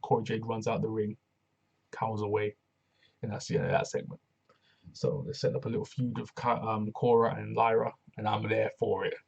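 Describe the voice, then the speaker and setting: A man casually reviewing a wrestling show alone, slangy and excitable, often repeating himself. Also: on the low side, a little fast, gravelly, breathy edge, muffled recording.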